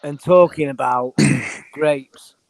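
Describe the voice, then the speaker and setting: A man's voice: a little high, slow, no room sound. A man in his forties from England, chatting and joking on a live stream, often repeating himself. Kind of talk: casual stream chat.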